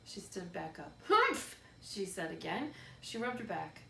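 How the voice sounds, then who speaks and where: A woman narrating a children's book in a steady, expressive read-aloud. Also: on the low side, normal speed, vocal fry. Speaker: storybook reader. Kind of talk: scripted narration. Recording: roomy, distant mic, faint background noise.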